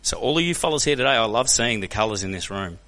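An Australian man telling stories as a guest speaker to a church crowd, animated and joking, often putting questions to the audience. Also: mid-range voice, quick pace. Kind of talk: energetic storytelling talk to a church audience. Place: church hall.

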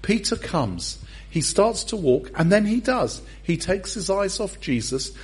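Husky preacher telling jokes. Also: male voice, high voice, sing-song, unhurried. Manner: humorous storyteller with comic voices. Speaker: pastor. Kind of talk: sermon. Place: church service.

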